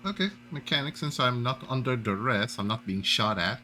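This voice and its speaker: A man's voice: mid-range voice, animated, normal speed, pushed and bright, rough recording. A man playing in a tabletop role-playing game, talking casually and hesitantly with many fillers. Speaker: player.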